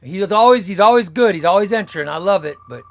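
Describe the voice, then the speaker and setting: High-voiced man hosting a comics stream. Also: expressive, fast talker. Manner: playful, announcing names one by one. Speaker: comic channel host. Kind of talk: live-stream giveaway chat.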